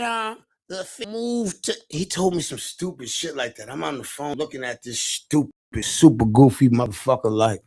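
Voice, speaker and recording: A man on a podcast telling a fishing story in an animated, profane way, accusing his friend and swinging from low mutters to shouts. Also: moderate pace. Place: podcast studio room. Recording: echoey room, mic at a distance.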